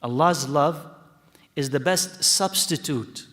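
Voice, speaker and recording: A man's voice: fairly high pitch, slow, a bit bright, long reverb tail. A man teaching a religious lesson to a live audience, explaining the text with repeated points, rhetorical checks and brief Arabic phrases. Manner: mixes in short Arabic phrases and blessings. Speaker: lecturer teaching hadith. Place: mosque hall.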